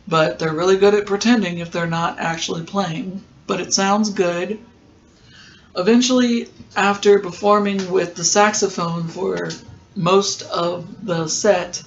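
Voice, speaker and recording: A podcast host giving a casual, chatty recap of a TV episode, wandering into asides and filling pauses with ums. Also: mid-range voice, dull audio.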